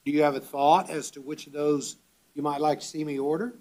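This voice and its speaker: A judge reads out charges and bond conditions in a measured, formal manner. His voice sits somewhat high for a man. He pauses on fillers as he talks. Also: fairly even intonation, a little mellow. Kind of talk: courtroom bond hearing.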